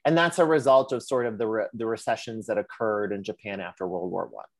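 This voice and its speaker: A man co-hosting a podcast, telling a history story in casual chat, animated and swearing, with sassy put-on voices for quotes. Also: fairly low pitch, brisk, dry recording. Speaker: podcast co-host.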